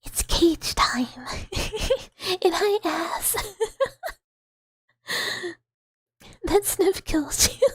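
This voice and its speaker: A young woman streaming, softly whispering and giggling through her chat in a whispered role-play as a mouse character. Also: high voice, no room sound. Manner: soft whispery chatter with frequent giggles. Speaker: VTuber streamer. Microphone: close ASMR microphone.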